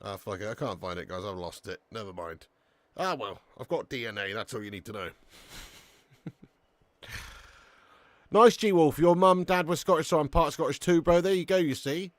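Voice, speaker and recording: A man's voice: mid-range voice, lively intonation, normal speed, long pauses, dry recording. A man hosting a live football watch-along, bantering brashly with viewers, swearing often and reading their comments aloud. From England.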